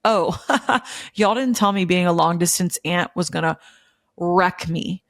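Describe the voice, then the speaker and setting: A woman in her thirties chats on her podcast in a gushing, emotional way, with plenty of "like" and "um" along the way. Her voice sits a little low for a woman. The sound is close and dry, with no room around it. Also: moderate pace, no room sound. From Memphis, USA. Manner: gushing, emotional, chatty with many fillers. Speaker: podcast host. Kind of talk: casual chat.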